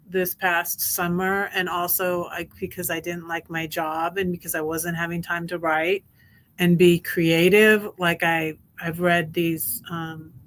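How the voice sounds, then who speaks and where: A woman's voice: on the low side, fairly bright tone. A middle-aged woman hosting her own live stream, talking in a rambling, candid and emphatic way. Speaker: livestream host. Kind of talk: casual live-stream monologue.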